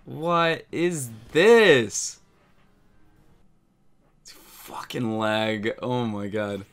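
A young man doing a live reaction, excitable and breaking into shouts. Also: medium pitch, very slow, clear, resonant tone. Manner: excitable, shouts and laughs in bursts. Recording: faint music in the background.

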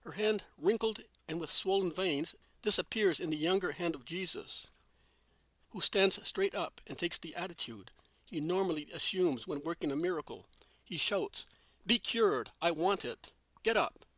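A man narrates a religious story in a measured, even way. His voice sits fairly high for a man. The recording is dry and close, with no room echo. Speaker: reader.

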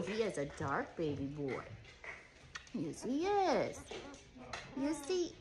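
A woman's voice: on the high side, big pitch swings, slow pace, pauses often. A woman who breeds dogs, showing puppies one by one and cooing at them in baby talk. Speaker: dog breeder. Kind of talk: cooing puppy showcase.

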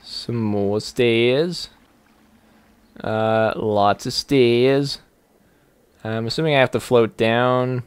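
A man's voice: mid-range voice, takes it slowly, clear, resonant tone, dry recording. A young man playing a video game, rambling and giggling as he thinks aloud in casual commentary. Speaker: gaming YouTuber. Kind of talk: let's play commentary.

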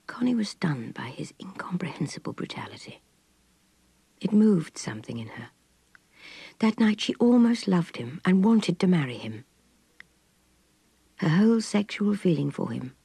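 A woman reading a novel aloud, expressive and soft, voicing a troubled young lady. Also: low voice, a little slow, gravelly, pauses often, breathy edge, dry recording. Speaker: narrator. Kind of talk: audiobook reading.

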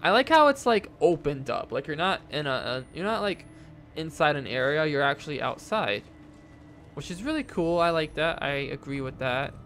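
A man's voice: on the high side, big pitch swings, moderate pace, a bit bright, slight background noise. A young man commentating a horror game, nervous and jumpy, talking to viewers with lots of fillers and frightened exclamations. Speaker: gaming YouTuber. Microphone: desk mic with face cam.

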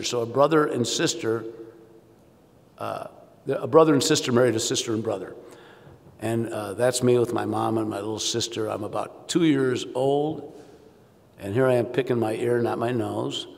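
A man's voice: mid-range voice, gravelly, a little mellow. A man, an orthopedic surgeon, telling wry, self-deprecating family stories in a keynote speech at a conference. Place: conference hall. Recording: long hall reverb.

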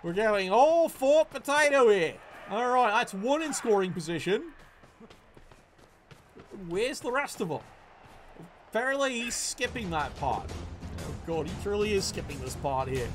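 A man commentates a game match in a casual, profane way, his voice sitting very high and swinging widely. He stammers and curses as the plays unfold. Faint music plays underneath. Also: measured pace. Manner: excitable and profane, stammers when worked up.

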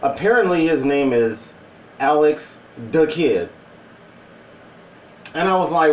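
A man's voice: a little high, expressive, unhurried, pauses often, reverberant, recorded from a distance, a little hiss or hum, rough recording. A man talking casually in a joking opinion vlog, with playful asides and put-on voices. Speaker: vlogger.

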